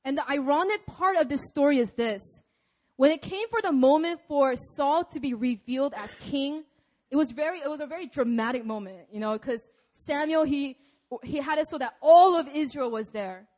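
High-voiced young woman preaching casually. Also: moderate pace, darkish tone. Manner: casual and conversational, laughs often. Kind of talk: sermon.

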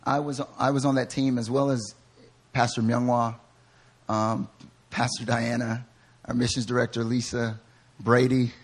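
A man preaching a sermon, moving between quiet, joking storytelling and loud, fervent shouting, acting out quoted people with humor. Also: medium pitch, level tone, measured pace, long pauses, husky. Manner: acts out quoted voices with humor. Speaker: pastor.

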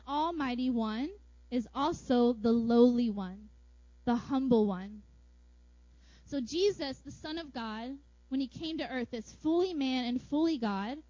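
A woman preaching a sermon in a playful, animated way, with jokes and acted-out asides. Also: sits high, no room sound, lo-fi sound.

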